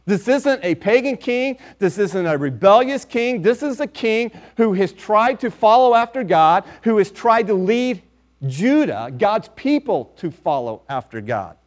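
A man with a notably high voice delivers a sermon. He reads scripture aloud and leans hard on his key points in a steady, measured way. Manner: emphatic, measured preaching with scripture readings. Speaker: preacher.

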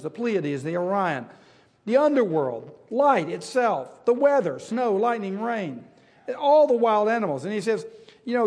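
A man preaching a sermon in a slightly higher voice. He drives his points with loud, rising rhetorical questions, then drops into hushed, intimate tones.

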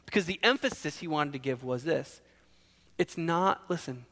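A man's voice: on the high side, normal speed, vocal fry, fairly bright tone, big-room sound. A man preaching a sermon, emphatic, asking and answering his own questions.

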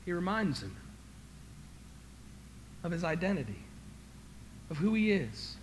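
A man preaching a sermon as pastor, emphatic, swinging from quiet to loud, stammering and repeating words when he gets worked up. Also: high-pitched, very animated, measured pace, pauses often, a little hiss or hum.

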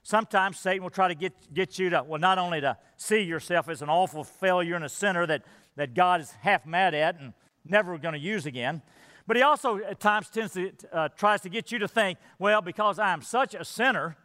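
Male preacher, high voice, earnest emphatic delivery, long church-hall reverb. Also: fairly quick, sharp tone. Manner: earnest, emphatic, repeats words as he builds. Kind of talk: sermon.

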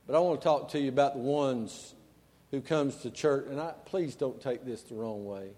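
A man preaching a sermon in a church, folksy and conversational, swinging between quiet asides and loud emphasis. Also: mid-range voice, moderate pace, in a large hall. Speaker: pastor. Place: church sanctuary.

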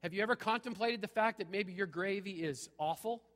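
A man's voice: high-pitched, fairly quick, fairly bright tone. A middle-aged male pastor preaching a sermon, punchy and conversational, checking in with "okay?" again and again. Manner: punchy, repeats "okay?" often. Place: church sanctuary. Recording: long hall reverb.

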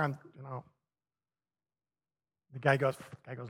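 A middle-aged man preaching a sermon, telling stories with chuckles and lively emphasis. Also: medium pitch, slow pace, pauses often. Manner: animated storytelling with chuckles. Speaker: pastor. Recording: long reverb of a large hall.

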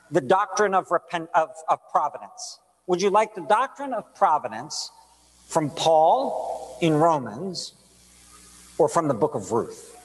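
A man preaching a sermon as pastor, reading scripture, praying and asking his listeners rhetorical questions in a measured way. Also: on the high side. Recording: long reverb of a large room.

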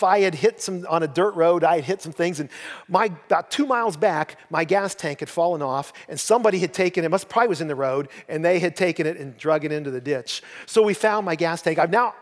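High-voiced older pastor in a reverberant hall. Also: male voice. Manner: folksy, self-mocking humor, chuckling at his own stories. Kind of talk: sermon with personal storytelling. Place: church sanctuary. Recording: long reverb of a large church hall.

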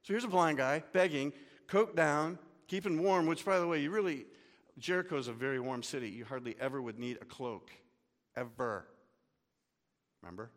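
A man's voice: a little high, fairly quick, long reverb tail. A male pastor preaching a sermon, telling the story vividly and dropping casual asides.

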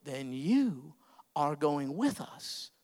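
A man's voice: fairly high pitch, big pitch swings, extremely slow, a little mellow, big-room sound, full character voice. A firm, loving father, as a preacher voices him.

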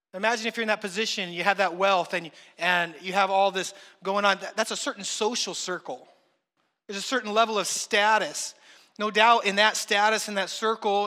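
A man's voice: sits high, sharp tone. A man preaching a sermon, reading scripture and then talking it through in a conversational way, acting out everyday voices. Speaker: pastor. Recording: long hall reverb.

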